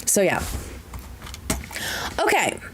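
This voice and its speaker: A woman's voice: very slow, fairly bright tone, slight background noise, rough recording. A woman hosting a live-streamed podcast, chatting casually and animatedly, with many fillers and restarts. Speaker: podcast host.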